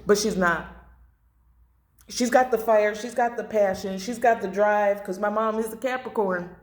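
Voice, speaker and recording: A woman's voice: mid-range voice, moderate pace. A woman doing a blunt, emotional tarot reading to camera, repeating phrases and swearing. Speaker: tarot reader. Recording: echoey room.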